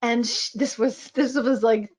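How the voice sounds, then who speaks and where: A woman's voice: fairly high pitch, steady tone, measured pace, a little mellow. A woman in her fifties, a physician and midwife, speaking on a webinar video call in a reflective, storytelling way with frequent fillers. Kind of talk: webinar conversation.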